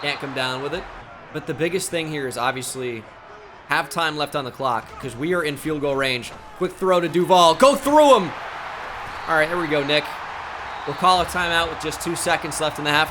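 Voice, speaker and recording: Excitable high-voiced man calling a video game. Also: a little fast, noisy background. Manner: excitable play-by-play, shouting at big plays. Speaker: gaming YouTuber. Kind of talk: live game commentary.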